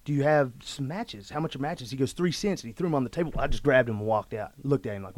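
A man telling a personal story in casual, rough-spoken talk, often saying "man" and "dude". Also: medium pitch, expressive, fast, few pauses, dry recording. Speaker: guest telling his story.

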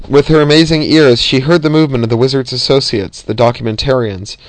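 A man's voice: medium pitch, no echo. Man reading a novel aloud. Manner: even, occasional slips and sighs. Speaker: narrator.

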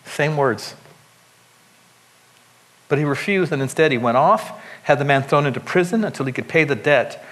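A man preaching a sermon to a congregation, reading scripture and breaking into animated, joking asides with frequent restarts. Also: on the high side, moderate pace, pauses often. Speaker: pastor.

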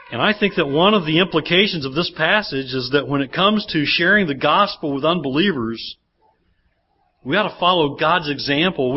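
A male pastor with a fairly high, breathy voice preaches a sermon, frequently posing rhetorical questions to the congregation. The church recording sounds dull and lo-fi.

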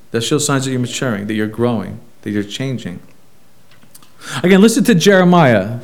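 A man's voice: on the high side, animated, moderate pace. A man preaching a sermon as a pastor, emphatic and full of rhetorical questions.

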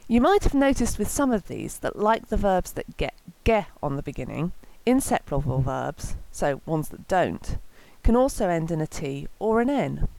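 Female teacher, lowish voice, clear and measured delivery, dry studio sound. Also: big pitch swings, warm tone, no room sound, low-quality recording. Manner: clear, measured, slows to pronounce example words. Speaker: language teacher. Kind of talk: scripted podcast lesson.

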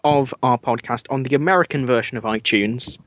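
A man's voice: mid-range voice, brisk, a bit bright, no echo. A man with an English Midlands accent co-hosting a podcast, chatting casually with dry, self-mocking humor and plenty of ums. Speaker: podcast co-host.

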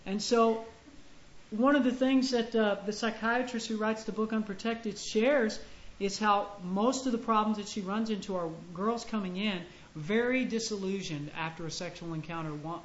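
A man giving a sermon to a room of men, conversational and halting, with frequent restarts and punchy stresses. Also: sits high. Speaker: preacher. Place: room with an audience. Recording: echoey, muffled room recording with faint ambience.

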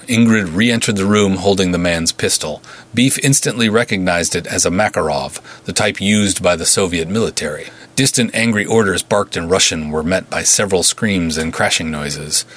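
A man reads a pulp action serial aloud, measured and vivid in his delivery. His voice sits very low with a husky, slightly breathy grain. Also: a bit bright. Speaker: writer and narrator. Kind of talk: dramatic serial story narration.

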